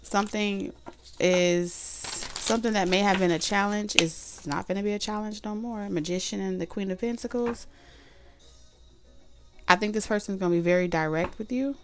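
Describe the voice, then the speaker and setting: A woman's voice: mid-range voice, steady tone, moderate pace, soft background music. A woman doing a casual tarot reading, chatty and full of fillers, who says she is losing her voice. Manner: chatty, loose and repetitive with many fillers. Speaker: tarot reader.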